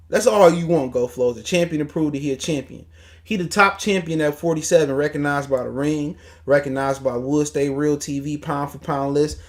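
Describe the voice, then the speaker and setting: A man hosting a casual boxing livestream, ranting in a heated, profane, mocking way. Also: on the high side. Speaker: boxing talk show host.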